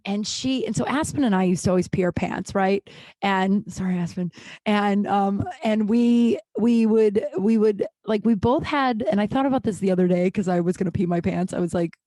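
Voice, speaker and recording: A woman's voice: mid-range voice, moderate pace, no room sound. Chatty woman telling funny stories. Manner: chatty, laughs often, animated retelling of funny stories. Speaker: podcast host. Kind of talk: casual solo podcast storytelling.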